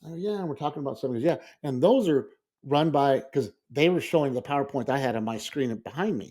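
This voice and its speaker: A man in casual podcast chat, a school librarian telling an animated story and acting out his own reactions. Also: medium pitch, fast talker.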